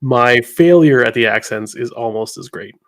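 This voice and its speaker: A man's voice: medium pitch, normal speed. A man co-hosting a podcast, telling things in a rambling, laughing way with many fillers. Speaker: podcast co-host. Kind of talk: casual chat.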